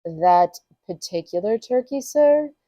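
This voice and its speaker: A woman's voice: high voice, lively intonation, slow, dark tone, highs cut off, full character voice. Woman playing a stiff, polite hotel manager. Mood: formal. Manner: clipped, formal, noncommittal.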